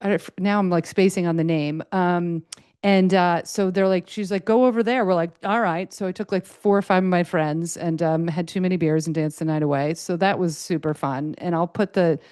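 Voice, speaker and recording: A middle-aged woman hosts her own podcast in a chatty, excitable ramble, full of fillers and restarts. Her voice sits low for a woman. The sound is close and dry, with no room around it. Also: normal speed, clean tone, no echo. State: a little choked up, tired. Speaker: podcast host. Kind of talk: casual solo podcast chat.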